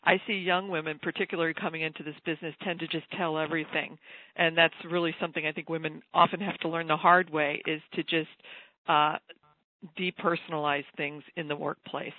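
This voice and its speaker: A woman's voice: low-pitched, little pitch movement, a little fast, no echo. Candid woman on a phone line. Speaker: guest. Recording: tinny phone line, dry.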